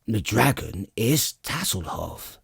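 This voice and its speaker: A man voicing a gruff old male dwarf warrior who talks in a terse growl. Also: on the low side, sing-song, takes it slowly, fairly bright tone, no echo, studio quality, pitched above the performer's own voice, exaggerated voice. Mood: gruff urgent.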